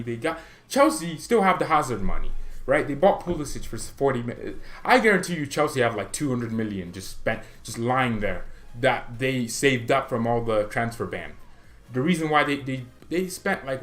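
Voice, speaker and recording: A young man hosting a fan channel, giving a rambling, opinionated football monologue in an animated way. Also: medium pitch. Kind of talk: casual football commentary monologue.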